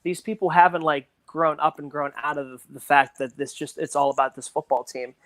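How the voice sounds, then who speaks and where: Higher-voiced man rambling, dry sound. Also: steady tone, fairly quick, fairly bright tone, no echo. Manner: rambling, full of "you know" fillers. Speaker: podcast guest. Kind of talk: casual movie discussion.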